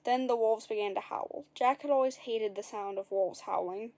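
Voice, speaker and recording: A woman's voice: a little high, moderate pace, darkish tone. A woman reading a children's story aloud, with playful asides to the listeners.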